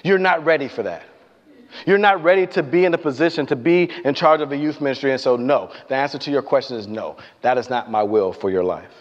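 A man preaching a sermon, telling a Bible story in a lively way, acting out the voices and asking the congregation questions. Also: medium pitch, brisk. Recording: dull lo-fi sound with long hall reverb.

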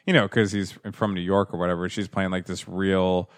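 A man's voice: low voice, flat delivery, fairly quick, dry recording, clean studio sound. A man chatting casually, rambling and stumbling with fillers while he hunts for names. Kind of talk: casual crude banter.

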